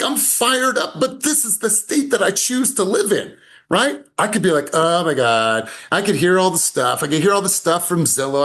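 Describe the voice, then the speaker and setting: A man leading a casual group coaching call over video from a home in the mountains, energetic and emphatic, repeating words and laughing often. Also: high voice. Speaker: sales coach.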